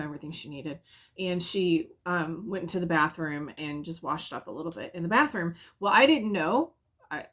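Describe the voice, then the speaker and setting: Woman w a lowish voice telling her own story, casual, lots of ums and restarts. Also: a bit bright. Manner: casual and conversational, many fillers and restarts. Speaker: founder of a charity for single mothers. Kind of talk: personal storytelling.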